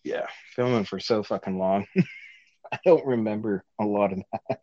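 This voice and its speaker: A man's voice: lowish voice, normal speed, mellow, dry recording, lo-fi sound. A man telling stories in casual chat as a guest, swearing and laughing often. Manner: laughing, profane storytelling. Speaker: guest actor.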